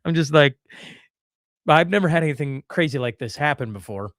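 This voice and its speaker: A man hosts a podcast and spins a casual, rambling story, stopping for fillers and restarting his sentences. His voice sits a touch high for a man. The recording is close and dry, with no room sound. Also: lively intonation, a little fast, fairly bright tone, no room sound. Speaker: podcast host.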